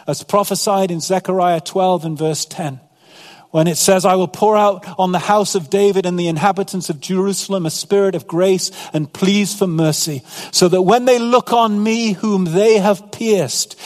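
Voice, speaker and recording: Man, pastor, earnest sermon, scripture reading, fairly high voice, long hall reverb.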